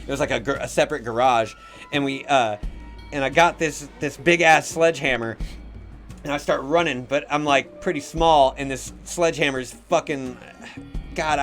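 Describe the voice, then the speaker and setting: Profane rambling man telling a story. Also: a little high. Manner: profane, rambling, animated when shouting quotes. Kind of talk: casual storytelling.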